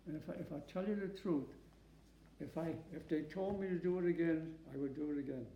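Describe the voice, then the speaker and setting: A man in his nineties from Massachusetts, a war veteran giving an oral history interview at home, who speaks haltingly, repeats words and often asks for questions again. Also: fairly high pitch, highs cut off, a little hiss or hum. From Massachusetts, USA. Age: 90s. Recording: echoey room.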